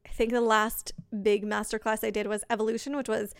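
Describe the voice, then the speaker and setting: A woman's voice: on the high side, little pitch movement, a little fast, creaky, clean tone, no room sound, clean studio sound. A woman hosting a business-coaching podcast, talking energetically and stacking rhetorical questions. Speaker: podcast host and business mentor. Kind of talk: motivational coaching talk.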